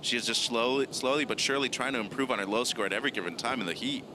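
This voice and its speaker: A man's voice: mid-range voice, rapid-fire, background noise. A man giving upbeat live analysis as a surf co-commentator.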